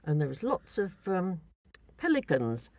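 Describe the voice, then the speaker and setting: A woman's voice: on the low side, big pitch swings, a little slow, a little mellow, dry recording. A woman in a casual chat, recounting her travels in a rambling way with many restarts.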